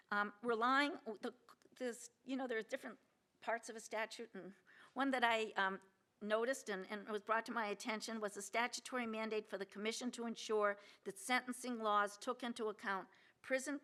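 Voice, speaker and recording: An older woman speaks at a podium microphone in a lecture hall, giving a keynote. Her voice sits a touch high for a woman. She talks earnestly and stresses key points, stumbles into restarts and fillers, and puts questions to the audience. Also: fairly bright tone. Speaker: keynote speaker, federal judge. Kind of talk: conference keynote speech. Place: lecture hall at a law symposium.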